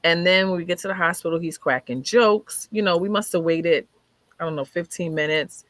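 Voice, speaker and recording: Speaking over a video call, a guest recounts her life story in a lowish, fairly bright voice at normal speed. Her retelling is vivid as she voices what others said along the way. The recording is dry.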